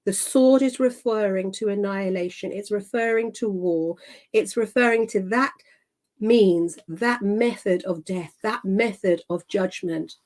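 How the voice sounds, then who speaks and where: A woman's voice: medium pitch, unhurried, a little mellow. A woman host reading scripture aloud and explaining it, stressing key words and repeating phrases for emphasis. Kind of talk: emphatic scripture teaching on a live show.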